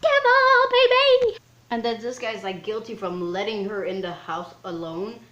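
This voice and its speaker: A woman recapping a film scene by scene in casual chat, rambling and excitable and leaning on "like" and "um". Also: medium pitch, moderate pace, muffled recording. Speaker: film reviewer. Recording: roomy echo.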